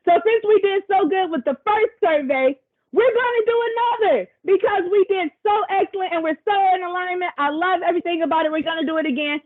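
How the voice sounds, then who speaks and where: Her voice is very high and brisk. Leading a virtual workshop over a video call, this woman stays chatty and encouraging, dropping casual asides to the group, all heard through tinny call audio.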